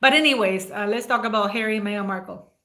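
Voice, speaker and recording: A woman's voice: mid-range voice, fast talker, a bit bright. A woman hosting a casual livestream, rambling and emotional as she thanks viewers by name. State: near tears at times. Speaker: livestream host.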